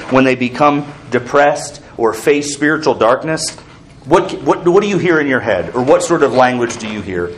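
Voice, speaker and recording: A man preaching an earnest sermon as pastor, asking the congregation questions. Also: medium pitch.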